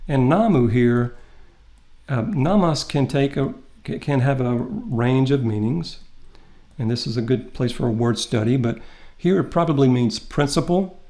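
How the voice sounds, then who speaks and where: Guy giving a recorded greek lesson, methodical, goes through it bit by bit with pauses, medium pitch. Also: mellow. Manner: methodical, explains step by step with pauses. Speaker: Greek teacher. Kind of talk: recorded lecture walking through a text.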